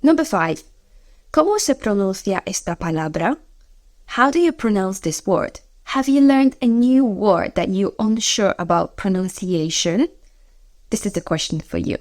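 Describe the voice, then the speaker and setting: Young woman, video language teacher; clear, patient, steady mid pitch. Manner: clear, patient explaining, lifts voice for each numbered question. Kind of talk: spoken language lesson.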